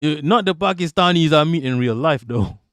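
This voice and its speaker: A man's voice: a little high, animated, brisk, fairly bright tone, clear, resonant tone, no room sound, studio quality. A man in his thirties doing casual live-stream commentary and reading chat aloud, blunt and profane, often breaking into laughter.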